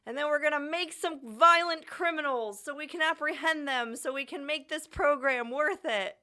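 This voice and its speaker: A woman's voice: high voice, moderate pace, few pauses, bright, forceful tone. A woman streamer chatting casually, giggly and rambling, often trailing off.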